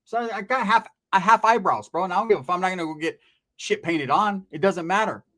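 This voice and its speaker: A middle-aged man spins a profane street story with a slightly raised pitch. He talks in heavy slang and swings into quick impressions of the people in his tale. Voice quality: scraggly-bearded street talker, slangy. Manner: animated, profane, acts out voices in his stories. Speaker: podcast host.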